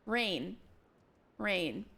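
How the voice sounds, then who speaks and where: A woman's voice: medium pitch, lively intonation, drawn-out words, vocal fry, pushed and bright. A woman streamer chatting casually while playing, musing aloud as she works things out. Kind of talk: casual game-stream chat.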